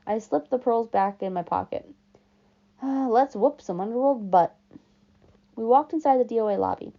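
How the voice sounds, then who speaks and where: A woman reading a novel aloud in calm, first-person storytelling narration. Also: fairly high pitch. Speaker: audiobook reader. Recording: dull lo-fi recording.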